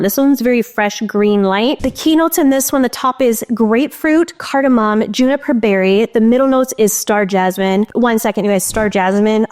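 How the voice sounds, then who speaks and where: A woman's voice: fairly high pitch, darkish tone. A woman who founded a beauty brand, presenting her fragrances to viewers in an enthusiastic, chatty way. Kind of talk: casual product presentation to viewers.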